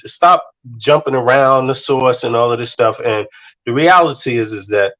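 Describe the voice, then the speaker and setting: A man's voice: mid-range voice, normal speed, a bit bright, rough recording. A man joining a livestream as a guest, speaking earnestly and repeating his points for emphasis. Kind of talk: casual livestream chat.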